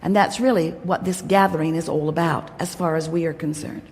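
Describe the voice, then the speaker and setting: A woman's voice: low-pitched, steady tone, a little fast, creaky, a little mellow. Emphatic woman speaking in a reverberant hall. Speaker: workshop speaker. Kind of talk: inspirational workshop talk. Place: large hall.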